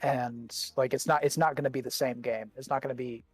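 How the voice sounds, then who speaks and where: A man's voice: medium pitch, fairly even intonation, a little fast, husky, no echo, soft background music. A man co-hosting a gaming podcast in casual chat, rambling and repeating words as he thinks, with the hiccups. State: has the hiccups. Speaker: podcast co-host.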